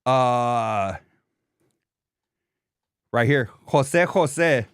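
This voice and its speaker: A man co-hosting a podcast in animated, profane casual chat, calling his friend "dog". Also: medium pitch, very slow, clear, resonant tone, no echo, clean studio sound. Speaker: podcast co-host.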